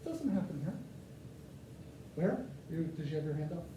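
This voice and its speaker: Animated high-voiced man talking to a crowd. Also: normal speed. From United States. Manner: animated, joking, asks the crowd questions. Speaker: speaker addressing a live audience. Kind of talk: lively talk with audience questions. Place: hall with live audience. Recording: echoey room, mic far off, faint noise.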